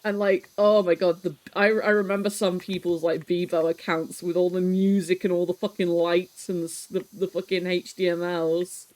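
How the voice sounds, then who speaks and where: This streamer, in their thirties, talks at a moderate pace with a medium pitch and barely any pauses, though the recording quality is low. Cleaning on camera, they swap memories with viewers in lively stories, cursing openly and laughing often.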